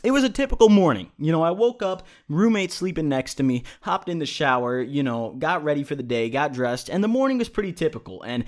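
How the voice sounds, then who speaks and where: A man's voice: a little high, animated, a little fast, few pauses, a little mellow. A young man recounting his own story on his vlog in a casual, joking manner, swearing freely. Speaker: YouTuber.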